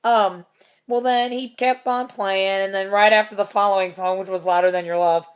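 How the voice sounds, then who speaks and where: A woman's voice: medium pitch, steady tone, normal speed, clean tone. A young woman casually telling a concert story in a vlog, chatty, laughing often, with plenty of swearing.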